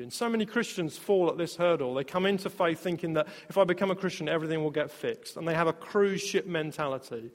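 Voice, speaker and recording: A man preaching a sermon, telling personal stories in an animated way and laughing often. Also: sits high, fairly quick, big-room sound. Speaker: pastor.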